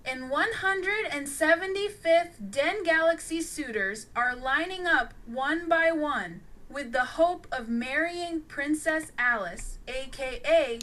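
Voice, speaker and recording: A woman reading an audiobook story aloud in a lively, sing-song manner. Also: high voice, slow, hardly any pauses, rough recording. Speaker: audiobook narrator. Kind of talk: storybook read-aloud narration.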